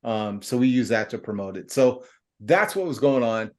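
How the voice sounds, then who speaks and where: A middle-aged man with a mid-range voice hosts a podcast in a loose, casual way. He tells a long, rambling story with plenty of fillers, restarts and slang. His delivery stays animated and chatty throughout. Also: mid-range voice, normal speed. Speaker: podcast host.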